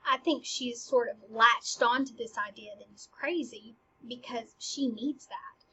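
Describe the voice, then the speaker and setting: Animated husky woman explaining a play. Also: fairly high pitch, a little slow, dull audio. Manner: animated, swinging from emphatic to hushed. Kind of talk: casual explanatory lesson.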